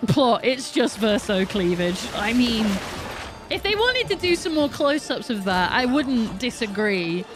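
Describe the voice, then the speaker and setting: Over background music, a young woman games on stream and chats loosely with viewers, laughing and swearing. Her fairly high voice swings widely in pitch, and she talks a little slowly.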